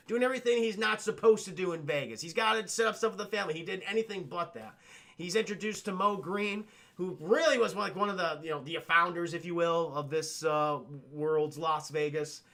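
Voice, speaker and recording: A streamer reviews a film with his chat, retelling it scene by scene. His voice is high, bright and forceful, and he rambles profanely and animatedly, tossing quick asides to viewers.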